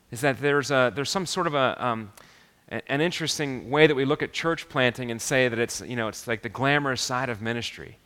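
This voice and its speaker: Earnest preacher in an echoey hall. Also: male voice, medium pitch, bright, forceful tone. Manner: earnest, halting with frequent restarts. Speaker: pastor. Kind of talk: sermon.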